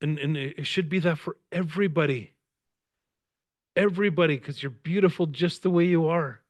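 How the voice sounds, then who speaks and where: A man's voice: on the high side, moderate pace, no room sound. Rambling, laughing storyteller man, dry sound. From Canada. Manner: rambling, animated, laughs often. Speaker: author and guest speaker. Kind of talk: conversational storytelling. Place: lecture event with audience.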